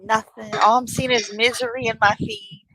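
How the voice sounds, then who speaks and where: A woman's voice: fairly high pitch, sing-song, normal speed, bright, forceful tone, a little hiss or hum, poor audio. A woman chatting casually as a stream co-host, talkative and swearing casually. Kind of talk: casual chat.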